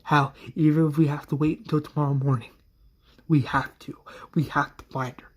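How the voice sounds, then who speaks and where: A man's voice: fairly high pitch, flat delivery, fairly quick, close to an everyday voice. A man voicing a loyal friend who rallies a distraught leader in an earnest tone. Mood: rallying. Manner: earnest, rallying. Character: steady encouraging male friend, adult.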